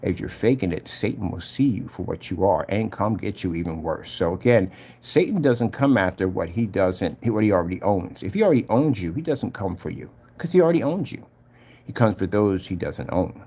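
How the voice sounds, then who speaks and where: A man's voice: low-pitched, lively intonation, moderate pace, mellow, breathy edge. A man giving a casual spoken testimony, earnest and preachy, who retells past events and acts out the voices of the people in them. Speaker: vlogger giving a personal testimony.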